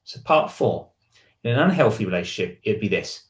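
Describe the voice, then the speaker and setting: A man's voice: medium pitch, sing-song, normal speed, roomy sound. A male hypnotherapist speaks to camera in a teaching manner. He works through examples and changes his tone to read out sample lines. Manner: explanatory, reads example lines aloud in different tones. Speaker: hypnotherapist and relationship counsellor. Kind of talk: explaining to camera.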